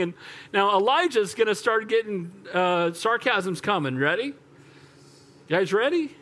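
An older man preaching a sermon as pastor, animated and rhetorical, asking the congregation for amens. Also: high-pitched, unhurried.

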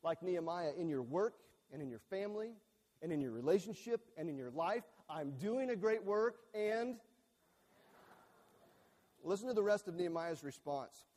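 This sermon comes from a male pastor whose fairly high voice, darkish in tone, rings with the long reverb of a big sanctuary; a screen stands behind him. He sounds expressive, earnest and emphatic, speaking fairly quickly. Pressing his message, he circles back to key phrases, says words twice and starts them over.

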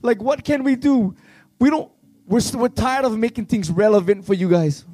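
Worship leader, man, high mellow voice, fervent and pleading, dry close sound. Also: normal speed, dry recording. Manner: fervent, pleading, swings between shouting and hushed tones. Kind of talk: impassioned youth revival sermon.

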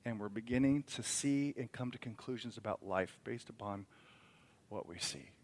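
A middle-aged man preaching as a pastor, telling a family story that moves from quiet reflection to emphatic preaching. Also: on the low side, moderate pace, a little hiss or hum. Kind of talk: sermon.

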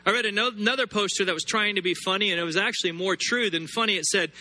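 High-voiced, sharp preacher. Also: male voice. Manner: emphatic, repeats words and builds phrases, slows sharply on scripture. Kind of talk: sermon.

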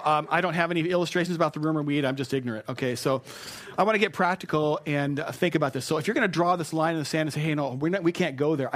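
A man preaching a sermon in a conversational, self-deprecating way, often repeating his key phrases. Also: fairly high pitch.

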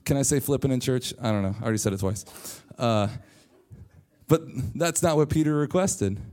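A man's voice: medium pitch, brisk, darkish tone. A man preaching a sermon in church, casual and joking as he retells a story. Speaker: pastor.

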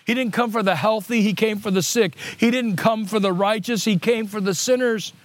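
A middle-aged man preaching a sermon with an unusually high voice. He is earnest and deliberately repeats his points for emphasis, and the sound is close and dry, with no room echo. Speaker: pastor.

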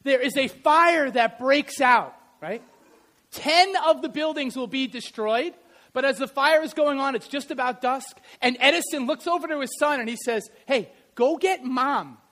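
High-voiced animated male preacher. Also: normal speed. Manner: animated storytelling, varies loudness widely. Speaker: pastor and history teacher. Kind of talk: sermon.

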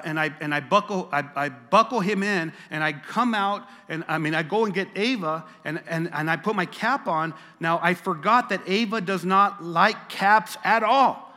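A man's voice: sits high, bright, forceful tone. An older man preaching a sermon as pastor, emphatic and repeating phrases for stress. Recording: long reverb of a large hall.

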